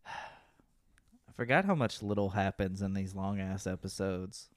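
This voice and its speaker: A man's voice: deep voice, unhurried, no room sound, studio quality. A man co-hosting a podcast in casual chat, rambling and laid-back, swearing freely and sounding sleepy. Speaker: podcast co-host.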